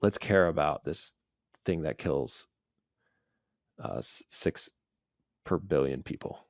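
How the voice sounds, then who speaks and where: A man with a very deep voice speaks slowly, recorded clean in studio quality with no room sound. He's a psychiatrist guest on a casual podcast, also a busy parent, talking loosely and leaning heavily on "like" as filler.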